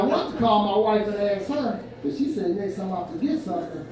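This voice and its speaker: Older male comic, folksy stand-up storyteller, fairly high voice, echoey far-off room with crowd laughter. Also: fairly quick, few pauses. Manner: folksy, laughs at own punchlines. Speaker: stand-up comedian. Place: winery event room with live audience.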